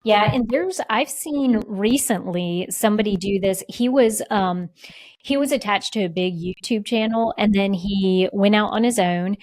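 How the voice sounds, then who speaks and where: A woman's voice: medium pitch, measured pace, a little mellow, low-quality recording. A woman co-hosting a podcast in a casual, conversational chat with a playful teasing side. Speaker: podcast co-host.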